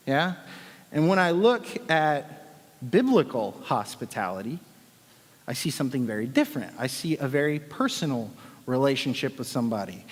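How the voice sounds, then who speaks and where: Chatty man preaching in a hall. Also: a little high. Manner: chatty, joking, with many fillers. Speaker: worship leader. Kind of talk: casual sermon talk.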